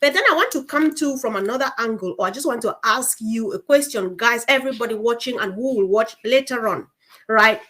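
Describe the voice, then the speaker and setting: A woman's voice: a little high, a little fast, sharp tone. A woman from West Africa speaking with enthusiasm and emphasis as co-host of an online panel discussion.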